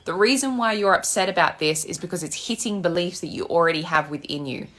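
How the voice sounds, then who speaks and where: A woman's voice: fairly low pitch, fast, a bit bright. A young Australian woman, a manifestation coach, ranting bluntly on a live stream and swearing freely. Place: home with loud birds outside.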